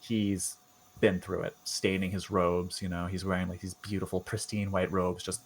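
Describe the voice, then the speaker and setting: Man, game master, low-pitched, casual rambling narration. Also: level tone, normal speed, slight background noise. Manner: casual, filler-heavy narration.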